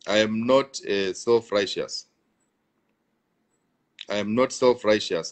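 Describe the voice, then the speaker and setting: A man, a pastor, talking on a live stream and answering viewer comments, repeating himself for emphasis and laughing between points. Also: lowish voice.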